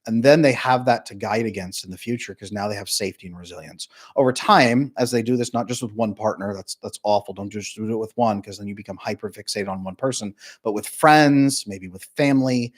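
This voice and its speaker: A man's voice: on the low side, brisk, hardly any pauses. A man coaching on a livestream in a casual, chatty way, talking straight to viewers and acting out little scenes. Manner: animated, acts out little scenes in voices. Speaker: attachment coach.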